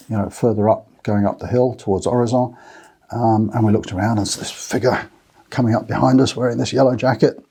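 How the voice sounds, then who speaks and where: A man's voice: mid-range voice, warm tone, slightly rough. An Australian man hosting a walking-trip channel, chatting casually to camera in a rambling way with many fillers and restarts. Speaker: Camino walking channel host. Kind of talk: casual talk to camera with notes.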